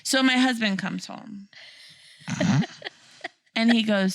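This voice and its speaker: A woman co-hosting a podcast, telling an animated story with frequent laughter. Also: mid-range voice, takes it slowly, creaky, long pauses, dry recording. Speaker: podcast co-host. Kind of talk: casual chat, storytelling.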